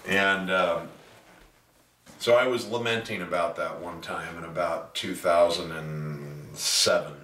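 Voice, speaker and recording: A man chats casually to his viewers in a rambling, self-deprecating way, often restarting his sentences. His voice sits fairly low and comes from a distance in a roomy space. Faint piano music plays behind him. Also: fairly even intonation, slow, pushed and bright. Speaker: pianist and singer, music teacher. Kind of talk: casual video blog talk. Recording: roomy sound from a distant mic.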